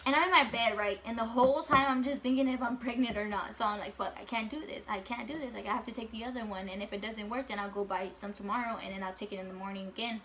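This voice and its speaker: A young woman with a bright, fairly high voice tells a casual storytime to her camera, peppering it with fillers and swearing. A faint hum of room ambience sits behind her. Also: steady tone, quick pace, few pauses. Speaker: vlogger.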